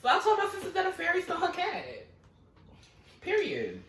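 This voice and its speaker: A man telling his own story in a casual vlog, animated, profane and dramatic, acting out every voice, recorded in a roomy space away from the mic. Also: very high voice, fairly quick, far from the mic.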